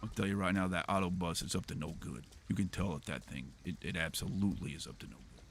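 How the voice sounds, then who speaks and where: A gaming streamer with a low, creaky voice talks quickly over a little hiss or hum. He rambles casually through jokes and silly voices, laughing at his own gags as he comments on his gameplay.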